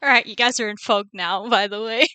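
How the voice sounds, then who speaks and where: A woman's voice: on the high side, fairly even intonation, brisk, pushed and bright, smooth, no echo. A woman running a tabletop game as game master, narrating with many hesitant ums and frequent laughs over a voice call.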